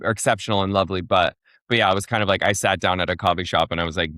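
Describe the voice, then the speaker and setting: A young comedian from Fargo, North Dakota rambles as a podcast guest, packing his speech with "like" and frequent restarts. His voice is deep, steady and sharp, racing along in a clean studio recording with no room sound.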